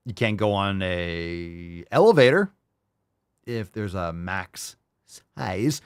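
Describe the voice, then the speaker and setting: A man's voice: low-pitched, expressive, slow, clear, resonant tone, no room sound. Sarcastic, swearing man reacting to clips. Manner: sarcastic, mocking, swears a lot. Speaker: podcast host. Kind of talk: profane reaction commentary.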